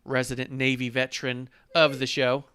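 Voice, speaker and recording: Two buddies' wrestling show: this host talks in a clean, resonant voice, close and dry on the mic, with no room around it. He keeps things loose and jokey, cracking wise between sips, mid-pitched and relaxed. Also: moderate pace, clean tone, no room sound. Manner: joking, loose, drinks on air. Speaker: podcast host. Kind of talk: casual wrestling podcast chat.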